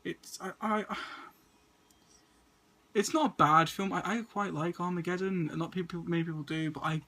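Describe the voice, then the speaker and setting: A man's voice: sits high, fairly even intonation, moderate pace, pushed and bright. A man, stuttering and restarting often as he casually talks through a list of movies to his camera. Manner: stutters and repeats words often. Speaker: movie vlogger.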